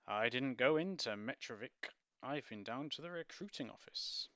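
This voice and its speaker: A man's voice: mid-range voice, expressive, normal speed, pushed and bright, no room sound, pitched above the performer's own voice. A man doing an eager young recruit. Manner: keen, upbeat. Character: eager eighteen-year-old male army recruit. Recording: dull lo-fi dry recording.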